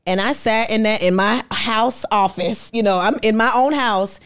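A woman in her thirties, a podcast guest, telling her story in a lively, animated way and acting out the people in it. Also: fairly high pitch, moderate pace, smooth. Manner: lively storyteller who acts out quoted voices. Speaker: podcast guest, artist and entrepreneur. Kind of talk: animated storytelling in casual conversation.

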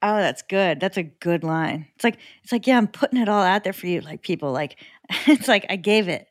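A woman's voice: on the low side, fairly quick, no room sound, studio quality. A woman, a comedian guest on a podcast, talking animatedly with many "like"s and laughing asides. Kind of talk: casual chat about comedy.

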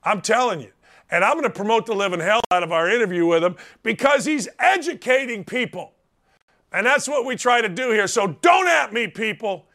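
A man hosting a sports talk show, brash and excitable, often raising his voice for emphasis. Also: high-pitched, a little fast. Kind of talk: loud casual sports talk.

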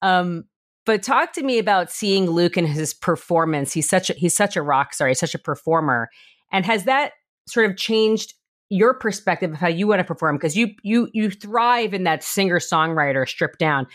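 A woman's voice: fairly low pitch, lively intonation, normal speed, fairly bright tone. A woman hosting a podcast interview, asking open questions and praising her guest effusively. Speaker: podcast host.

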